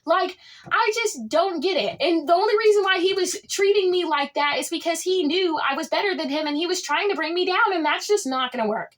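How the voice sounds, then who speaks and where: A woman with a strikingly high voice tells a storytime to her viewers. She talks boldly and boastfully, leaping up and dropping low for drama. Her delivery stays casual and chatty throughout. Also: animated, brisk, a bit bright. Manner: dramatic, swings pitch up and down; outspoken and boastful. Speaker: vlogger.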